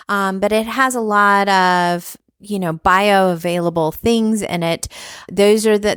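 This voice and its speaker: A chatty woman hosts a food podcast, her voice smooth and clear. She talks in an enthusiastic, informal way, and the sound is dry and close. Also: mid-range voice, a bit bright, no echo. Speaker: podcast host. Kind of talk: casual podcast interview and solo commentary.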